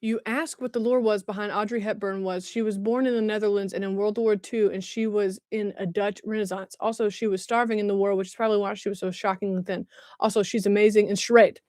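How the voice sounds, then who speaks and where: A woman's voice: mid-range voice, steady tone, a little fast, darkish tone, no room sound, clean studio sound. Bubbly woman streamer. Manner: bubbly, laughs often, self-mocking. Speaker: livestream host. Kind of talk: casual live chat.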